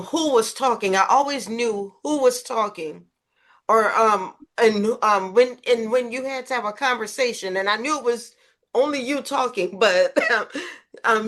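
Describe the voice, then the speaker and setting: A woman's voice: on the high side, a bit bright. Woman host with a hesitant, conversational manner. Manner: conversational, with frequent "um" pauses. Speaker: podcast host. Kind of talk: interviewing a guest.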